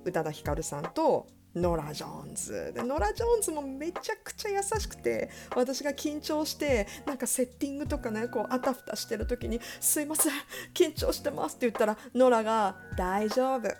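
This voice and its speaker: A woman radio host telling stories in casual chat, animated and laughing often. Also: on the high side, racing, creaky, faint music behind.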